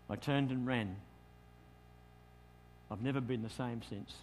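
A middle-aged Australian man, a pastor telling a lively story in a sermon and acting out his own thoughts. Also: mid-range voice, slow pace, slight background noise.

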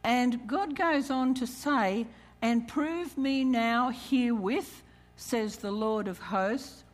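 A woman preaching in a slow, unhurried way, her voice sitting a little high. She reads scripture aloud and calls out questions to the congregation. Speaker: church speaker. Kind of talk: sermon on tithing.

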